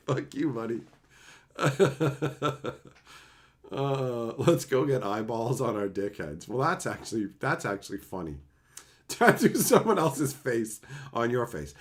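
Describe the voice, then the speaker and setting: A man from Canada streaming live, reading chat and joking crudely with lots of laughter, sometimes dropping into low, earnest advice. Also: very animated, slow pace.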